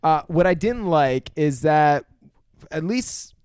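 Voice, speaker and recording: A man's voice: fairly high pitch, lively intonation, slow, darkish tone, clean tone, no echo. A man co-hosting a podcast, casually and sarcastically picking apart a film's scenes. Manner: sarcastic, blunt, swears freely. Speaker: podcast co-host. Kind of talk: casual chat reviewing a film.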